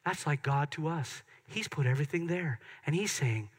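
A middle-aged man preaching a sermon in church, swinging from excited loud peaks to soft hushed moments. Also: a little high, moderate pace, few pauses, husky. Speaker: pastor. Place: church sanctuary.

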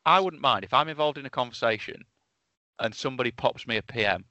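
A man from England with a bright, forceful voice, recorded dry and close. He chats and teases his friend in a playful tone. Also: mid-range voice, lively intonation, fast talker, no echo, muffled recording. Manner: teasing, playful storyteller. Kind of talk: casual chat.

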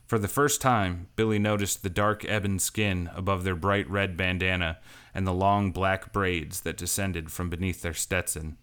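Deep, smooth man, measured scripted story narration. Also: flat delivery, a bit bright. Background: faint guitar music.

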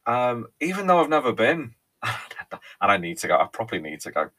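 A man's voice: mid-range voice, big pitch swings, brisk, bright, forceful tone. A man in his thirties with a Merseyside accent, hosting a casual solo podcast and chatting in a rambling way full of ums and restarts. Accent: Merseyside with a faint Cheshire lilt. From Ellesmere Port, England. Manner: chatty and rambling, with frequent ums and repeated words. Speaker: podcast host.

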